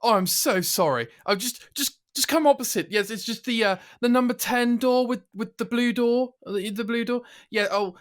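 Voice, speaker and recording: A man doing an impression of a flustered, apologetic English gentleman in a posh British accent, stammering and a bit pretentious. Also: very high voice, moderate pace, few pauses, voice pushed up. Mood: flustered apology.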